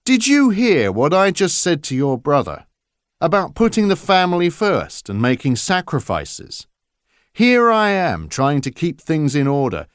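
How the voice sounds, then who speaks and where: Gruff, bossy backwoods father, voiced by a male narrator, harsh and commanding. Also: on the low side, no room sound, clean studio sound. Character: bearded stern cannibal father, domineering.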